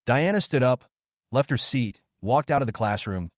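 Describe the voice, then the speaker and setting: A man's voice: mid-range voice, expressive, normal speed, no echo, studio quality. A man narrating a recap story in a scripted voice-over.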